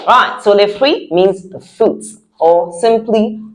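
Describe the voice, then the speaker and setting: A woman teaching French vocabulary, saying each word slowly and lifting her voice on the articles. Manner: slow drawn-out model words with high lifted articles. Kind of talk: repeat-after-me vocabulary lesson.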